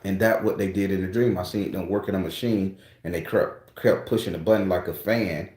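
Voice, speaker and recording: A man's voice: sits low, steady tone, brisk, darkish tone, roomy sound. A man hosting his own channel, talking casually and loosely to his viewers, with rambling restarts and frequent swearing. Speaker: spiritual channel host.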